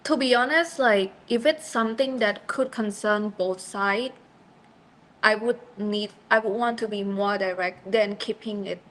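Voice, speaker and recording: A woman's voice: medium pitch, a little slow, fairly bright tone, low-quality recording. Chatty young woman trading opinions. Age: young adult. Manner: chatty, frequent "like" fillers, direct opinions. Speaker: student discussion participant. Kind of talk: casual group discussion.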